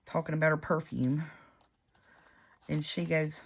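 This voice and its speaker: Her low voice has vocal fry and fairly even intonation as this paper-crafting YouTuber chats a little slowly while she works. She rambles and teases herself, a chatty, self-mocking storyteller. There's a little hiss or hum.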